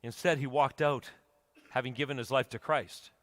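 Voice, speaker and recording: A man's voice: mid-range voice, steady tone, moderate pace, fairly bright tone. A man preaching a sermon, telling a story and building to urgent, emphatic appeals. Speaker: pastor. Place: church sanctuary. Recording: church hall reverb.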